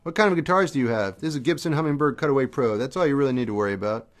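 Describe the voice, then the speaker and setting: A man's voice: medium pitch, very fast. A middle-aged man hosting a livestream, reading viewer questions aloud and answering them briefly in an offhand way. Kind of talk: casual livestream chat between songs. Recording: acoustic guitar playing behind the voice.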